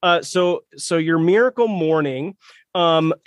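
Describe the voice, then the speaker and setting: A man hosting a podcast in casual interview talk, upbeat and quick to affirm his guest. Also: on the high side, no room sound, studio quality. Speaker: podcast host.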